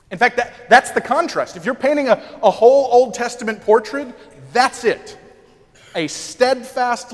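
A young man preaching a sermon from the pulpit, animated, with quick asides and acted-out quotes. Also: high voice. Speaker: pastor. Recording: long hall reverb.

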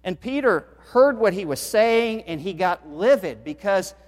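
A man's voice: high voice, measured pace. A middle-aged man preaching a sermon as pastor, telling stories with animation and building to emphatic peaks. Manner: animated storytelling, swells in volume for emphasis. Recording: long reverb of a large hall.

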